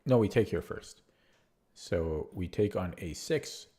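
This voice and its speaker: A young man with a slightly low voice talks through chess puzzles on a live stream. He thinks aloud, stumbles and restarts on words as he works out lines, and answers his chat between moves. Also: expressive, takes it slowly, dark tone. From Canada. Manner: chatty replies to viewer chat.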